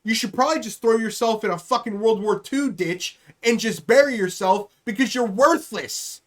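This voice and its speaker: Man, high-pitched voice, comedian, podcast host, profane heated rant. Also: normal speed, fairly bright tone. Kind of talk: live-streamed podcast rant.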